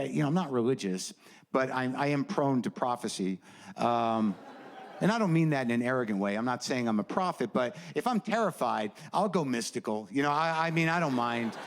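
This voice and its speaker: A man performing a stand-up routine on stage, rambling with sardonic asides and a ranting delivery. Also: medium pitch. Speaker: stand-up comedian. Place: comedy stage before a live audience. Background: faint audience laughter and ambience.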